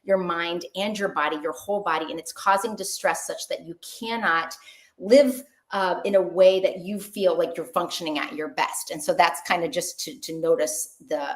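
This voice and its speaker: A woman doctor giving an online webinar talk in a lively, conversational way, asking the audience questions. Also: on the low side, moderate pace.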